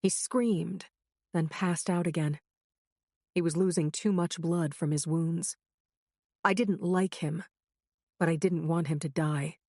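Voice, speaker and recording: Low-voiced woman narrating a thriller. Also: steady tone, slow, long pauses, warm tone, no room sound, clean studio sound. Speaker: audiobook narrator. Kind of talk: scripted first-person thriller narration.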